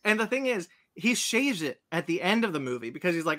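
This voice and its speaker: A man on a podcast telling a long, animated story about a movie he saw and acting out its scenes. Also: fairly high pitch, very fast, few pauses. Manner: animated storyteller, acts out scenes in silly voices. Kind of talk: casual chat, movie rant.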